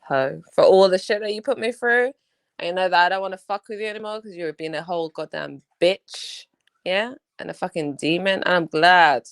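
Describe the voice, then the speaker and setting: A woman's voice: on the low side, fairly quick. A woman with a South London accent in a blunt, profane casual chat, mimicking others as she talks. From England. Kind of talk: casual live-stream chat.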